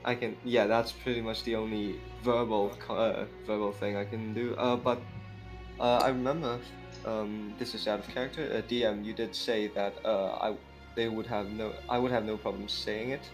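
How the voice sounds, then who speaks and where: A man's voice: fairly low pitch, level tone, normal speed, faint music behind. A man talking as a player in an online tabletop role-playing game, hesitant and full of fillers. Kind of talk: tabletop role-play chat.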